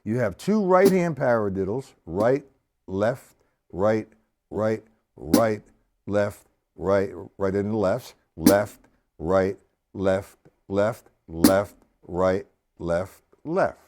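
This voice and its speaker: A man's voice: on the low side, extremely slow, noisy background. Male drum teacher, live stream, counts beats and names stickings step by step, drums playing in the background. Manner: counts and calls sticking aloud, explaining step by step. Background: drum kit playing.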